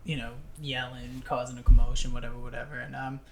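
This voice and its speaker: A man's voice: mid-range voice, flat delivery, fast talker, creaky, reverberant, a little hiss or hum. A young man from telling a funny story on a podcast, laughing often and acting out the voices of the people in it. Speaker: podcast co-host. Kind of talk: casual storytelling chat.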